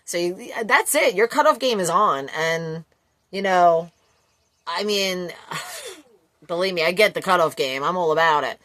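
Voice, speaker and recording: Woman, tarot reader, blunt, swears freely, crisp bright voice, dry close sound. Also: fairly low pitch, big pitch swings, measured pace, no room sound. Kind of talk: casual collective tarot reading.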